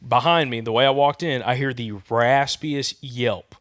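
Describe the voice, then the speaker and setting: A man with a Southern American accent, co-hosting a podcast and telling an animated hunting story, imitating turkey calls as he goes. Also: medium pitch, a little slow, no echo, studio quality. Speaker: podcast co-host. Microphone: studio microphone.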